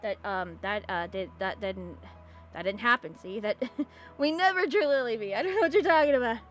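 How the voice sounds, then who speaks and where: A young woman from California chatting casually with her viewers while drawing on stream, rambling, giggly and given to sudden excited squeals. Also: on the high side, moderate pace. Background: faint music.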